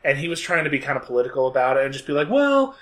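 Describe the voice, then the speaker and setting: A man's voice: mid-range voice, fairly even intonation, racing, a bit bright. A man co-hosting a podcast, chatting casually and rambling with hesitations. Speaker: podcast co-host. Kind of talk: casual chat.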